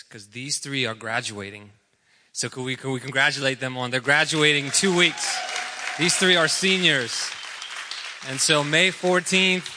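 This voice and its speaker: A man's voice: mid-range voice, bright, forceful tone, big-room sound, a little hiss or hum. A man leading a church service, upbeat as he rallies the congregation to pray. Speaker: ministry leader.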